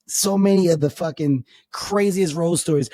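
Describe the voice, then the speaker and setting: A man hosting a podcast, telling a profane, animated story in casual chat. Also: on the high side, normal speed, dry recording, studio quality. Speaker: podcast host.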